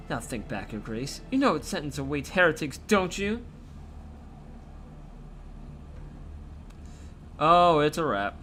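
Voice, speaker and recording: A man's voice: fairly high pitch, pushed and bright. A man voicing a cruel, vengeful woman, a fallen saint, reading her game lines aloud in a sneering, theatrical way. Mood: gloating. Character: cruel vengeful dark female saint, mocking and gloating.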